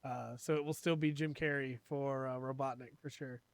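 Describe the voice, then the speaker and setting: A man's voice: mid-range voice, fairly even intonation, moderate pace, dry recording. A man co-hosting a podcast in casual chat, joking and wry in his remarks. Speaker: podcast co-host.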